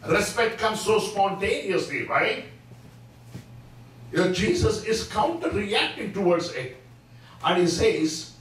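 A man teaching a Sabbath School lesson in a church, preaching slowly and emphatically with frequent fillers. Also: high-pitched, lively intonation. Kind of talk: church Bible-study sermon. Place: church hall. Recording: echoey hall, mic at a distance.

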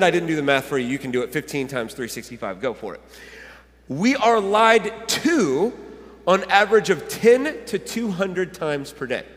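High-voiced pastor preaching in a reverberant hall. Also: male voice. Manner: animated storytelling with laughs and self-corrections. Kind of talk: sermon. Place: church sanctuary.

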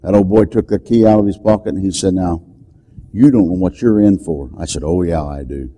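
Dramatic older preacher with a deep voice. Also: male voice, a little fast, low-quality recording. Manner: dramatic, shouts quoted commands, repeats words. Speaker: deliverance preacher. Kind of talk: storytelling sermon.

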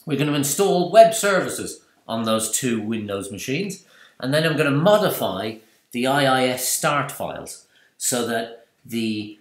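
A man presenting a screen-recorded software tutorial, chatty and explanatory, asking and answering his own questions. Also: mid-range voice, expressive, measured pace. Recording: roomy echo.

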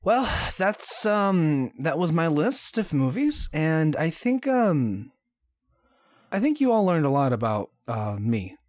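A man's voice: fairly high pitch, very animated, slow pace, darkish tone, dry recording, clean studio sound. A man co-hosting a podcast in casual chat, rambling with lots of ums and likes. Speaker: podcast co-host sharing his movie list.

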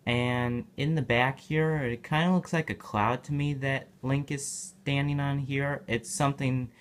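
A man's voice: mid-range voice, steady tone, unhurried. A man casually narrating a toy unboxing, rambling and repeating himself as he goes.

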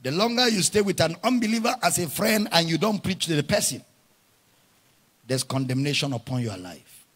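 A male pastor preaching a sermon, often shouting his lines and stretching words out for emphasis. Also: on the high side, lively intonation, slightly rough. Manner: drawn-out emphatic phrasing.

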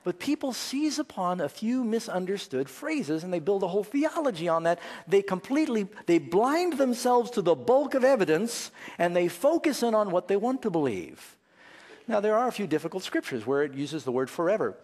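Middle-aged male preacher, fairly high-pitched, animated and questioning, long reverb of a big hall. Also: moderate pace. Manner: animated, rhetorical questions, pitch leaps for emphasis. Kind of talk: sermon.

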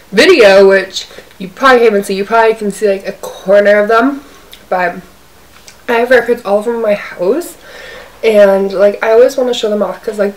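A woman chatting casually while eating on camera in her apartment, talking in a loose, rambling way full of "like". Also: medium pitch. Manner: chatty, fills speech with "like". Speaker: mukbang vlogger. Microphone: camera's own mic, zoomed out. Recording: distant camera mic, faint hiss.

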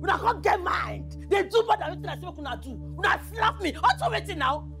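A woman's voice: extremely high pitch, lively intonation, quick pace, a bit bright, soft background music. A woman with a Nigerian accent complaining indignantly in Pidgin. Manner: pleading, then indignant. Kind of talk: Nollywood comedy acting.

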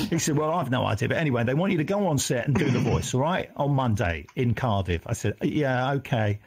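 A man's voice: mid-range voice, a little fast, few pauses, breathy edge. A middle-aged man and voice actor, telling anecdotes in an interview and acting out the voices of people he quotes. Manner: animated, acts out voices when quoting people. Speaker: voice actor guest.

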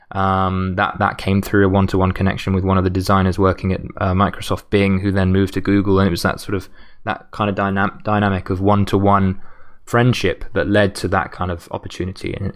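A man hosting a solo podcast, giving advice in an earnest, motivational way while sounding tired and losing his voice. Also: lowish voice. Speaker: podcast host.

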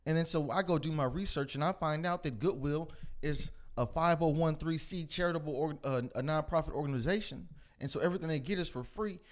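Man delivering a profane street-style rant. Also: a little fast. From United States. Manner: animated and profane, mimics people in higher voices. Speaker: host of a commentary channel.

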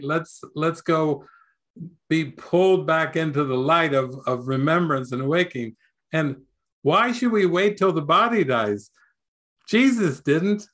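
A man's voice: fairly high pitch, a bit bright. An older man teaching a spiritual talk, storytelling playfully and laughing often. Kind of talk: sermon.

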